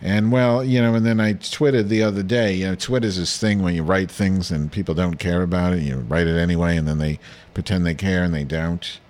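A man hosting a comedy podcast, telling a crude, meandering story in a deadpan, filler-heavy monologue. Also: sits low, a little fast. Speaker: podcast host.

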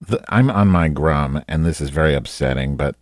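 Speaking at normal speed in an extremely low voice, a male podcast host chats casually on his own, rambling and self-deprecating with campy asides. The sound is clean studio audio, completely dry.

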